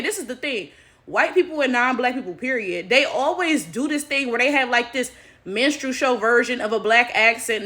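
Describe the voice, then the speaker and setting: American woman ranting to her viewers, lively, bright kinda high voice. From United States. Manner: animated, talks straight to viewers. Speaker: vlogger. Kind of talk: casual commentary to camera.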